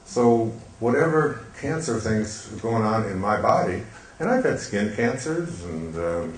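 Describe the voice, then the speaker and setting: An older man telling a gentle, meandering story with soft laughs and many fillers. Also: lowish voice, lively intonation, unhurried, reverberant, slight background noise, rough recording. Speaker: speaker. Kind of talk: reflective storytelling talk.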